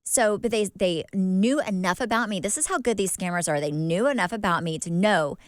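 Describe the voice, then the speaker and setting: A woman's voice: mid-range voice, brisk, no echo, clean studio sound. A woman co-hosting a podcast, telling a story in a rambling, casual way full of fillers and restarts. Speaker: podcast co-host.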